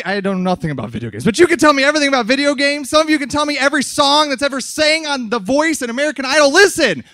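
A man preaching a fiery sermon at a youth conference, yelling hard and then dropping to soft, close asides. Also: extremely high pitch, no room sound.

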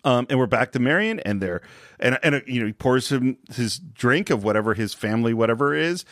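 A man's voice: mid-range voice, expressive, a little fast, a bit bright, no echo, studio quality. A man hosting a podcast in casual chat, telling the story enthusiastically. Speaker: podcast host.

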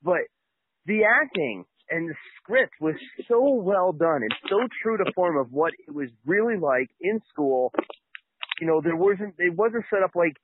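A man's voice: high voice, very animated, a little slow, breathy edge, no room sound. Emphatic Canadian man on a tinny line. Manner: emphatic, conversational. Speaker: podcast co-host. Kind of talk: casual chat.

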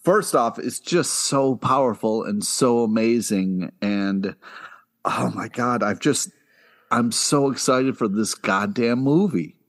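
A man's voice: mid-range voice, slow pace. A man co-hosting a podcast, gushing emotionally and swearing casually in casual discussion. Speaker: podcast co-host.

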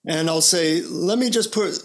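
A man speaking as a guest over a video call, telling stories in an animated, relaxed, upbeat way. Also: on the high side, a little slow. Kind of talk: casual conversational interview.

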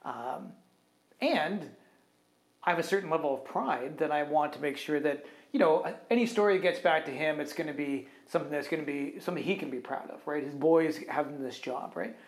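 A man's voice: fairly high pitch, brisk. A man co-hosting a podcast, telling a long work story in a casual, rambling way and often tagging his sentences with "right?". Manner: animated, acts out other people's quotes; rambling with fillers like "right?" and "kind of thing". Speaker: podcast co-host.

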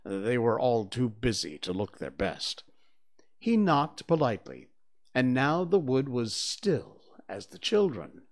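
A man reading a children's book aloud chapter by chapter, giving it expressive storybook narration. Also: medium pitch. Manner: unhurried and expressive. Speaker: reader of a serialized book.

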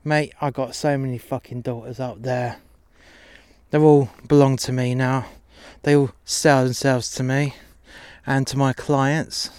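A man's voice: mid-range voice, flat delivery, measured pace, darkish tone, smooth, no room sound, lightly acted. A man playing a sneering pimp boss. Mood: mocking. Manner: swearing, mocking, boastful.

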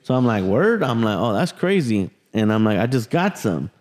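A man's voice: on the low side, very animated, moderate pace, darkish tone. A man, the host of a podcast, telling a long and profane story in casual chat. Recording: long hall reverb.

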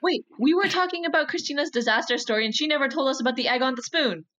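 A woman's voice: sits high, fast talker, fairly bright tone, muffled recording. A young woman co-hosting a casual group chat, chatty and self-deprecating, with lots of filler words. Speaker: podcast co-host.

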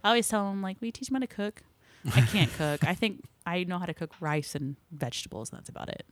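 A woman's voice: fairly low pitch, lively intonation, fast. A young woman, an actor, telling a casual story in an interview with lots of fillers. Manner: chatty, filler-heavy, laughing storyteller. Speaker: actor guest.

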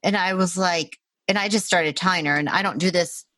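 Lively low-voiced woman telling a story. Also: a little fast, no room sound. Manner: animated, acts out quoted voices, laughs often, many fillers. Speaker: Reiki practitioner and intuitive healer. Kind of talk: casual storytelling in a conversation.

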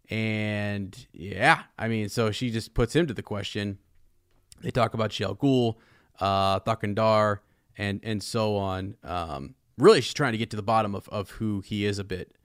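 A man's voice: lowish voice, a little slow, no echo, clean studio sound. A man who hosts a podcast, reading passages from a book aloud and chatting about them casually. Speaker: podcast host.

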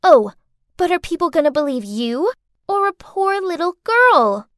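A woman's voice: very high voice, very animated, unhurried, fairly bright tone, no echo, studio quality, voice pushed up, full character voice. A woman putting on a whiny, scheming little girl. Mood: sly. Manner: whiny, tearful pleading. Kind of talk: storytelling podcast.

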